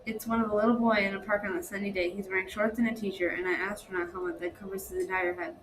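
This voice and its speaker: A woman's voice: mid-range voice, quick pace. A woman reading a novel aloud in first-person narration, plainly, with small slips she corrects. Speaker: reader. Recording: steady background noise.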